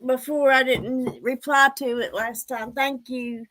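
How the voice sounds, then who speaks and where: A woman's voice: high-pitched, fairly even intonation, measured pace, a bit bright. A woman hosting a casual livestream, rambling and out of breath as she talks to her viewers. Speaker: livestream host.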